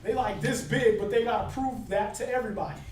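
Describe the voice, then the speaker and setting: A man's voice: high voice, quick pace, very noisy. A man teaching a scripture class in an informal sermon style, talking conversationally and often checking in with "right?". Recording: echoey room recorded from far off.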